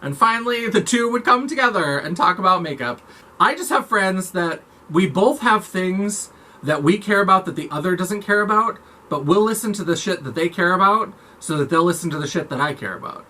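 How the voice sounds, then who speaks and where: Brief: man vlogger, campy chatty delivery, bright forward tone, slightly raised pitch, faint noise under it. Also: lively intonation, fairly quick. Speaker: makeup vlogger. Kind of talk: casual chat to camera.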